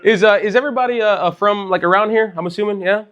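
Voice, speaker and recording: A man's voice: sits high, fast talker, a bit bright, highs cut off. A man in his thirties from Chicago doing a loose, conversational stand-up set on a comedy club stage, dropping "like" and "bro" throughout. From Chicago, USA. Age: 30s.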